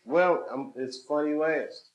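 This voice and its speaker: A man's voice: fairly high pitch, measured pace. A male comedian bantering casually with fans after a show, joking and laughing often. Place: crowded room after a show.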